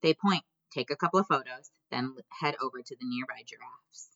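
A woman narrating an audiobook in the first person, in a measured, gently expressive way. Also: rumbling low, no echo, highs cut off. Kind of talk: scripted narration.

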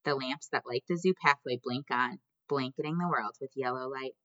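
A woman narrating an audiobook in the first person, in a measured, gently expressive way. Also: very deep voice, no room sound, lo-fi sound. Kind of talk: scripted narration.

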